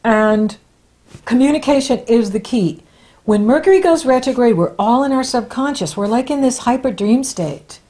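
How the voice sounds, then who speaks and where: A woman's voice: on the high side, animated, normal speed. A woman giving a casual spoken horoscope reading as an astrologer, chatty and encouraging, often laughing between points. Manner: warm, encouraging advice-giving.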